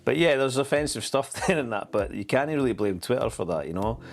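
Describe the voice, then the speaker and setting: A man's voice: mid-range voice, expressive, brisk, vocal fry. A man hosting a podcast, rambling and sardonic, full of fillers and restarts. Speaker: podcast host. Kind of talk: casual commentary.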